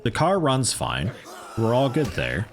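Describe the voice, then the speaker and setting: A man's voice: medium pitch, wildly swooping pitch, unhurried, a little hiss or hum. A man streaming a game, chatting casually and joking with his viewers in a rambling way. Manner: rambling, joking asides to chat. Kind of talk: casual gameplay commentary.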